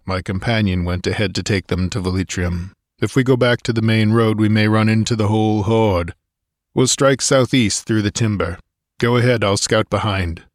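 Man voicing a gruff barbarian warrior. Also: fairly low pitch, fairly even intonation, normal speed, dry recording, studio quality, natural voice. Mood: impatient. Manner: gruff, blunt.

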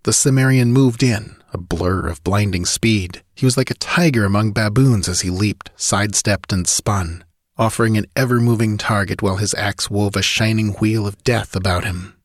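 A man's voice: lowish voice, moderate pace, no room sound, clean studio sound. A man narrating a sword-and-sorcery audiobook with vivid, driving storytelling.

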